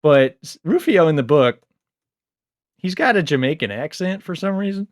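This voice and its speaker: A man's voice: fairly high pitch, moderate pace, no echo, studio quality. Rambling man reviewing a book. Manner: rambling, filler-heavy, animated asides. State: low on sleep. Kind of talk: casual book review vlog.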